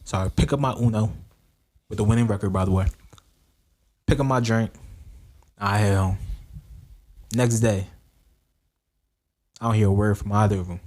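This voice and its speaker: Animated storytelling man, podcast chat. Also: lowish voice, moderate pace, pauses often. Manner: animated storyteller who acts out quoted lines. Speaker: podcast co-host. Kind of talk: casual chat.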